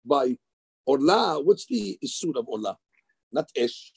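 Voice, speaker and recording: A man teaching Talmud in a lively study session, mixing Hebrew terms into his English. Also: fairly high pitch, unhurried, vocal fry, husky, dry recording. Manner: animated, excitable, mixes Hebrew terms into English.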